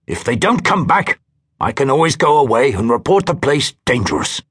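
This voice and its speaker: A man lending his voice to a fretful, tentacled alien ship captain in an audiobook, wry and eager to dodge any trouble. The voice is husky and rises and falls widely. The tone stays dry with mild self-interest. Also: mid-range voice, sing-song, moderate pace, fairly bright tone, no room sound. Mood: wry, evasive. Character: worried alien male starship captain, evasive.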